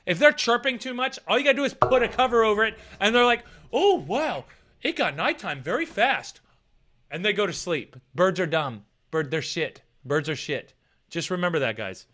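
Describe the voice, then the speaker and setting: A man's voice: high voice, fairly quick, sharp tone. A young man streaming live, reading out chat comments and ranting with plenty of swearing.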